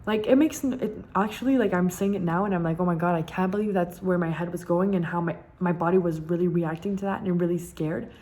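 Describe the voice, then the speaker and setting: A woman's voice: on the low side, fairly even intonation, fast talker, hardly any pauses, a little mellow. A young woman, vlogging candidly and repeating words for emphasis as she tells a personal story.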